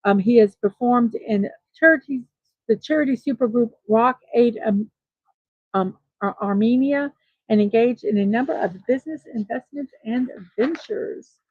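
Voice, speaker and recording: A woman's voice: fairly high pitch, normal speed, no room sound, narrow, tinny audio. A woman hosting a daily morning show, reading birthday and trivia notes aloud with small personal asides between items.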